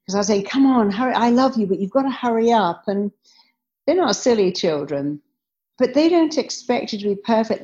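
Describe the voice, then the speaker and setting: A woman's voice: lowish voice, a little mellow. A woman, a therapist guest in an interview, speaking earnestly and acting out the dialogue she quotes. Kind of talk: podcast interview answer. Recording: slightly dull lo-fi audio.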